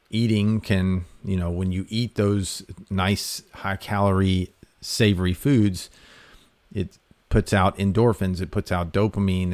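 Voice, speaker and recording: Guy with a really low voice chatting thru health tips, loose and conversational, dry sound. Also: no echo. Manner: relaxed, conversational, with fillers and restarts. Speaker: host giving health advice. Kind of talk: casual explanatory talk.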